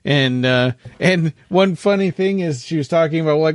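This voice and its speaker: A man co-hosting a podcast in casual chat, agreeable and quick to affirm. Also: fairly high pitch, clear, resonant tone, dry recording, clean studio sound. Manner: agreeable, frequent affirming "yeah"s, easygoing. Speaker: podcast co-host.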